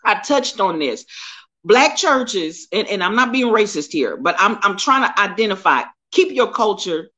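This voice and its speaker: A middle-aged woman livestreaming from her phone indoors, talking in a preachy, animated way and calling out to her viewers. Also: mid-range voice, measured pace. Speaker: livestream host. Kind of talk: casual live-stream commentary. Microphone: phone propped up.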